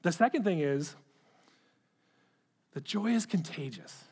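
A man's voice: on the high side, expressive, a little slow, a little mellow, slightly rough. A middle-aged man preaching a sermon, earnest, often repeating words as he starts a phrase. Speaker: pastor.

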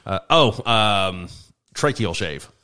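Low-voiced man with lively pitch. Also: slow, clear, resonant tone. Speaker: podcast co-host. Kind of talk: casual chat, reading news aloud.

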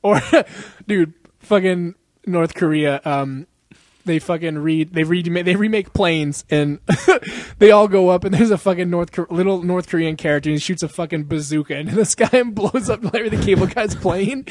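A man's voice: sits high, moderate pace, a little mellow, dry recording. A young man co-hosting a podcast in casual chat, rambling and profane, laughing often and acting out quotes. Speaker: podcast co-host.

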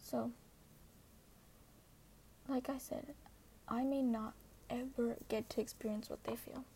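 A teenage girl vlogs in a casual, earnest monologue, hesitating often and dropping to a breathy half-whisper. Her voice sits a bit high but mellow, with plenty of vocal fry. A faint hiss of noise runs under it. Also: steady tone, slow pace. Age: teens. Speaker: social media poster.

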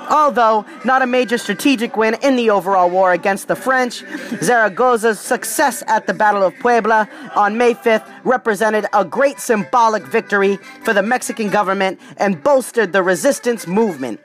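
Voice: mid-range voice, moderate pace, faint music behind. A podcast host, a little tipsy, reading history in a casual, playful way with slangy joking asides. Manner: hyped, playful, streetwise slang, repeats "ladies and gentlemen".

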